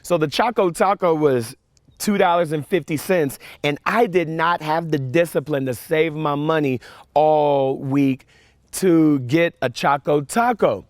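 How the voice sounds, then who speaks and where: A man giving a storytelling sermon to young listeners, animated with fillers and repeats, dropping soft and quiet for reflection. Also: on the high side, unhurried, dry recording, clean studio sound. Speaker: camp speaker.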